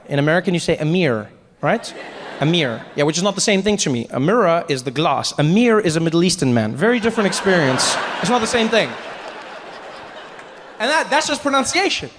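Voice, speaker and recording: A man from Africa, telling stand-up stories in an animated, self-mocking way. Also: fairly high pitch. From South Africa. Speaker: stand-up comedian. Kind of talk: stand-up comedy. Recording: echoey hall with faint noise.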